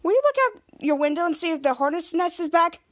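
A woman voicing a fussy, worried mother with a shrill, insistent voice. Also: expressive, fast.

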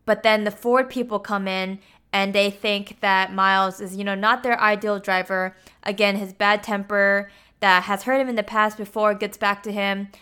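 A woman recounts a movie's story in a loose, chatty way, leaning on filler words as she goes. Her voice is bright and crisp, sitting at an ordinary pitch. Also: little pitch movement, moderate pace. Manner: chatty, with frequent 'like' and 'you know'. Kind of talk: casual film plot retelling.

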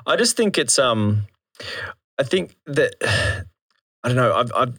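Animated, excitable Australian-born man. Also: mid-range voice, takes it slowly, husky, dry recording. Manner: animated, excitable storyteller with many restarts and casual swearing. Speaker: guest musician. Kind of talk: casual podcast chat.

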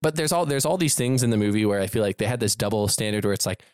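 A man co-hosting a podcast in casual chat, animated, acting out scenes in quoted voices and laughing often. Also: fairly low pitch, very fast, clear, resonant tone, no echo, clean studio sound. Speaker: podcast co-host.

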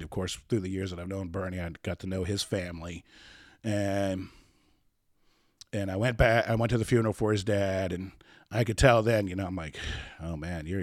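Podcast guest, guy, casual storytelling, restarts a lot, low pitch, dry close sound. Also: dry recording. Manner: rambling, repeats words, swears, acts out both sides of old conversations.

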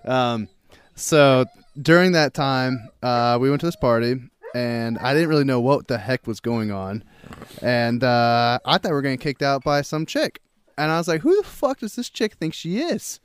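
A man's voice: mid-range voice, normal speed, clean tone. A young man telling a story on a casual podcast, laughing often, swearing and acting out what people said.

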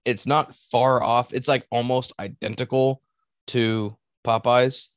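A man's voice: mid-range voice, steady tone, clean tone, dry recording, studio quality. A man co-hosting a podcast in casual banter, rambling and swearing with many restarts. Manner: rambling, profane, halting restarts. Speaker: podcast co-host.

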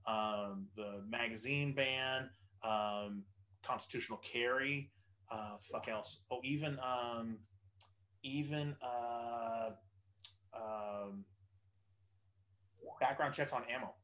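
Male podcast host, mid-pitched, rambling casual talk full of fillers and swearing. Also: takes it slowly, pauses often, fairly bright tone, poor audio. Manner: rambling, profane, with many fillers. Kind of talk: casual political chat.

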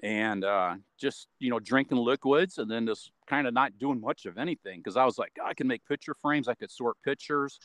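A man's voice: mid-range voice, moderate pace, few pauses, a bit bright, dry recording. A man talking in a loose, rambling way as an interview guest, with many fillers along the way. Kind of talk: casual spoken account.

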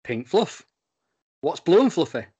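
A man's voice: fairly high pitch, big pitch swings, a little slow, a little mellow, husky, muffled recording. A man co-hosting a podcast, bantering and telling jokes playfully. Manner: playful, joking, laughs a lot. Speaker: podcast co-host.

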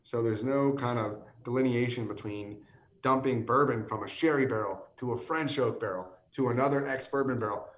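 A man's voice: medium pitch, moderate pace, echoey room, recorded from a distance. A man in his thirties, a guest on a podcast, talking casually and rambling with many restarts; he sounds tired and is losing his voice. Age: 30s. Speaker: whiskey company guest.

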